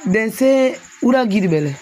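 A woman's voice: on the high side, expressive, darkish tone, faint music behind. Woman speaking Sierra Leonean Krio. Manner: teasing, rapid questioning, then explaining. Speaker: vlogger. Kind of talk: casual vlog talk, teasing and touring.

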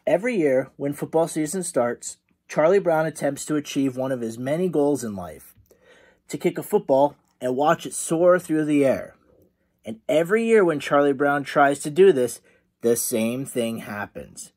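A man reads a children's storybook aloud in a friendly, animated way, like a teacher speaking to his class. His voice sits a little high and moves up and down a lot. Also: normal speed.

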